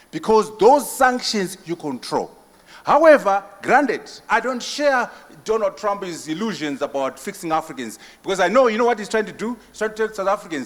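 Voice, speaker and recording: A Zimbabwean man giving a conference keynote and answering questions, emphatic and forceful, with repetition and rhetorical questions. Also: high voice, very animated, moderate pace. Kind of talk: impassioned conference speech. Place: large conference hall. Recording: long hall reverb.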